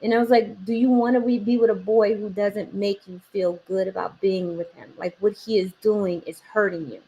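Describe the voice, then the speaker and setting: A woman's voice: mid-range voice, fairly even intonation, normal speed, warm tone. A woman in her forties in casual conversation, telling a family story and acting out the voices she quotes.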